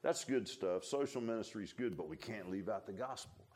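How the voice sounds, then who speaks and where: Folksy low-voiced preacher man. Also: animated, fairly quick, a little mellow. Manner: folksy, conversational preaching with asides. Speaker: pastor. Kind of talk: sermon.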